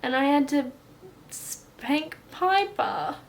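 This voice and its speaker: A woman's voice: lively intonation, extremely slow, slight background noise, exaggerated voice. A woman voicing a tearful grown man who has regressed to a small boy, sobbing and pleading. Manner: sobbing, pleading, high and breaking. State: crying.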